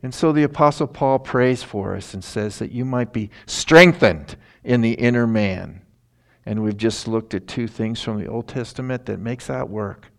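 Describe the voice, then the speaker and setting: A man's voice: mid-range voice, moderate pace, creaky. A man preaching a sermon in a conversational, folksy way that rises into emphatic passages.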